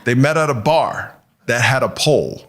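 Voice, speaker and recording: A male stand-up comedian doing crowd work in a club, animated and often laughing at his own jokes. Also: mid-range voice, moderate pace, background noise. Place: comedy club stage with audience.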